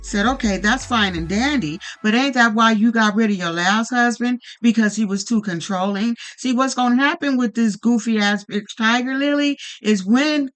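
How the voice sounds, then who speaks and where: Casting note: bright, forceful recap host, blunt and profane, with faint music under the voice. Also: medium pitch, normal speed, hardly any pauses, low-quality recording. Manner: blunt, profane, animated ranting. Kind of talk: casual profane commentary.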